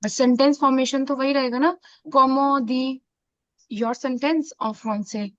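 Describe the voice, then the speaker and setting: A woman with an Indian accent teaching a French class, mixing in Hindi and repeating phrases slowly. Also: high voice, steady tone, a bit bright, no room sound. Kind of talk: online classroom lesson. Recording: dull, dry lo-fi sound.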